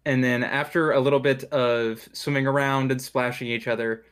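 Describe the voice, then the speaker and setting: Male game master narrating a tabletop game, relaxed and descriptive. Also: mid-range voice, moderate pace, clean tone. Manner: loose, descriptive, with fillers and restarts.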